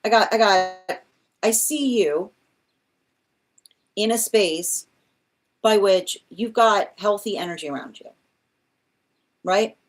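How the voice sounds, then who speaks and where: Taking it slowly with long pauses, a tarot reader with a mid-range voice does a live reading. She rambles, restarts often, throws in exasperated asides, and frequently laughs while mocking.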